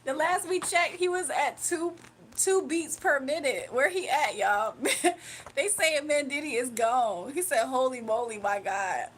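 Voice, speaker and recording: A woman's voice: high voice, unhurried, slight background noise. A woman hosting a casual livestream, reading chat comments aloud and laughing often. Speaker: livestream host.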